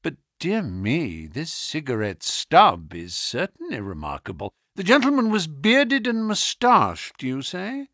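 A man voicing Sherlock Holmes, a keen and sharp-minded detective who speaks in a measured, probing and lecturing way, in an audiobook reading. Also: a little high, wildly swooping pitch, no room sound, studio quality, voice pushed up, exaggerated voice.

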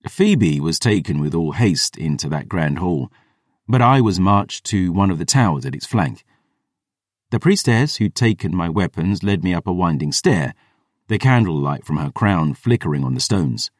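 Rich: A man reads a first-person fantasy audiobook in a measured, descriptive delivery. His voice sits very low and deep. The sound is close and dry, with almost no room echo. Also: animated. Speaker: audiobook narrator.

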